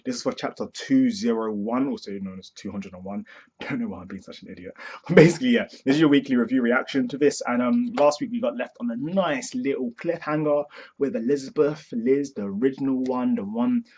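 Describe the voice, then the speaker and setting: A man's voice: medium pitch, fairly quick, darkish tone, husky. A young man hosting a casual manga reaction review, chatty and profane, laughing at himself as he goes. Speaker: manga reviewer, channel host. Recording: dull lo-fi recording.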